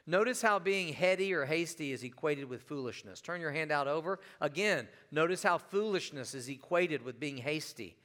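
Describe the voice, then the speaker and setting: Preaching in a church sanctuary, a middle-aged pastor tells a funny story and questions the congregation. His fairly bright voice is on the high side with lively intonation, moving at a moderate pace with hardly any pauses.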